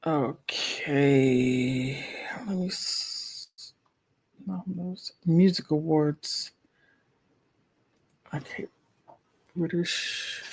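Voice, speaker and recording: A woman's voice: low-pitched, steady tone, drawn-out words, pauses often, slightly rough. A woman hosting her own channel, talking casually while she browses online, thinking aloud with many restarts. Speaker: channel host.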